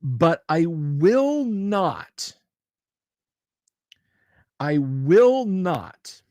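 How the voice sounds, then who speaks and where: A man hosting a livestream talks in an unhurried, stop-and-start way, full of pauses and restarts. He repeats key phrases to drive his point home. His voice is recorded close and dry, with no room sound. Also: a little high, sing-song, dark tone, dry recording. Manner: emphatic, repeats himself. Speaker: livestream host. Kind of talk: casual chat.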